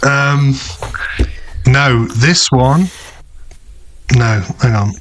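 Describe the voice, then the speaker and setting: A man's voice: medium pitch, very slow, slight background noise. A man from Britain co-hosting a podcast in casual chat, telling stories with lots of swearing and laughter. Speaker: podcast co-host.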